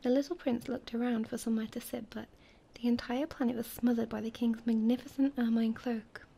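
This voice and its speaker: A woman tells a bedtime story in a soothing whispered role-play, her voice high and breathy. The tone is mellow and soft throughout. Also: level tone, brisk.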